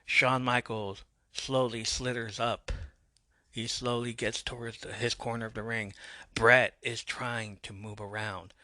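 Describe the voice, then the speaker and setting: Slow, bright-voiced man recapping a match. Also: mid-range voice, dry recording. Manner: slow storytelling with fillers and self-corrections. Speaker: podcast host. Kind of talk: play-by-play recap.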